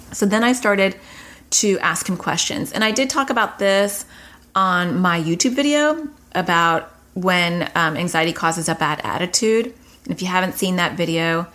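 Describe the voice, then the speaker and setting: A middle-aged woman offers casual advice in a monologue to camera on her own channel, where she teaches about parenting and anxiety. Her storytelling is lively, with her pitch jumping whenever she quotes her son, herself, or others.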